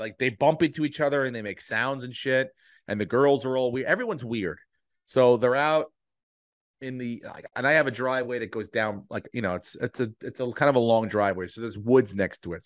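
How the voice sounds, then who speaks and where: A middle-aged man spins a lively anecdote on a podcast, swearing casually and slipping into the voices of the people in his story. His voice sits at an ordinary pitch, and the recording is close and dry with no room sound. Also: no room sound. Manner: animated, swears freely, acts out voices in anecdotes. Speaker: podcast co-host.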